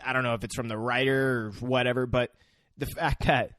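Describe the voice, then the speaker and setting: A man's voice: mid-range voice, fairly even intonation, brisk, fairly bright tone, no echo. A man co-hosting a podcast, chatting casually with laid-back joking asides. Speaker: podcast co-host. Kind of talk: casual chat.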